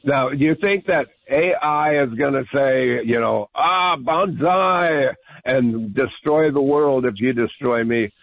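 Man, radio caller, argumentative, insistent, gravelly voice, dull broadcast audio. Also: medium pitch, a little slow, hardly any pauses, dry recording. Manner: argumentative, insistent, repeats himself. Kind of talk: call-in radio debate.

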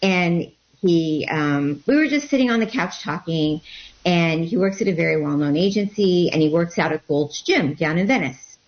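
A woman guest telling a personal story about becoming a healer, in a halting way with many fillers and restarts. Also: fairly low pitch, animated, lo-fi sound.

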